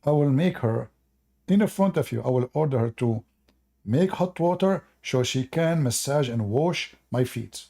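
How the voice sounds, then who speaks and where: A man's voice: mid-range voice, unhurried, gravelly. A man voicing a boastful husband in a joke who brags that he commands his wife. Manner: boastful, raised and excited.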